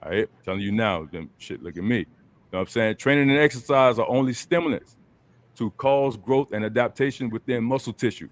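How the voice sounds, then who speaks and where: A man's voice: medium pitch, brisk. A man hosting a casual group chat over a video call, talking in a loose, colloquial coaching way. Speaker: host.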